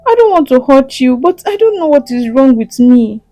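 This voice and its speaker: A woman voicing a hot-tempered young wife who snaps and then pleads in halting restarts. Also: sits high, big pitch swings, mellow, no echo, faint music behind. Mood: pleading.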